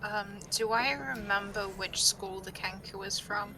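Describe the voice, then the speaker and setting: A woman's voice: medium pitch, unhurried, background noise. A woman playing in a tabletop game, chatting playfully with the game master. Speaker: player.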